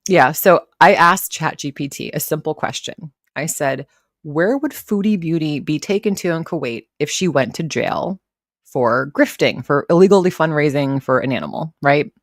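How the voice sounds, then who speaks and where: Low-voiced chatty woman live-streaming. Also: lively intonation, moderate pace, no room sound, studio quality. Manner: chatty, rambling, greets chat viewers. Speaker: livestream host reacting to commentary. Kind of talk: casual live-stream chat.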